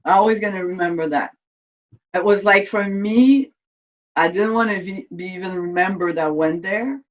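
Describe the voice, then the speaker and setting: A woman's voice: mid-range voice, normal speed. A French-native woman in her fifties giving an earnest, emotional personal testimony in an interview, often restarting and repeating words as she speaks. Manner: earnest, openly emotional recounting. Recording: distant, slightly dull mic sound.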